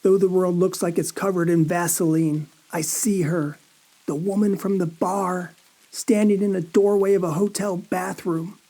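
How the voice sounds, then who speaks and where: A man reads a first-person horror story at an unhurried, drawn-out pace. His voice is mellow and warm, and his delivery is a dazed, anxious inner monologue full of halting questions. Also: sits high, fairly even intonation.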